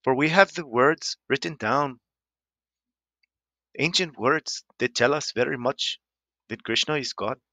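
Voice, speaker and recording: A man voicing a pompous male street preacher who booms and sermonizes in a mocking way. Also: measured pace, long pauses, pushed and bright, no room sound. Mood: preachy.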